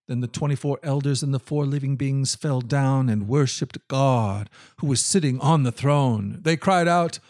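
A man giving a measured, solemn scripted Bible reading. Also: a little high, expressive, darkish tone, dry recording, studio quality. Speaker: scripture reader.

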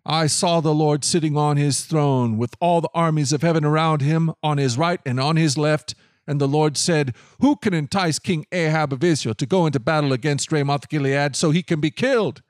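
A man's voice: fairly high pitch, moderate pace, dry recording, studio quality, natural voice. A man voicing a stern, unyielding prophet in a scripted Bible reading, solemn and firm.

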